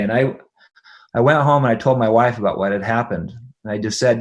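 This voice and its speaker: Animated man telling a family story. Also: medium pitch, fairly quick. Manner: animated, acts out quoted dialogue, laughs often. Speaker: podcast guest. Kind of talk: conversational storytelling.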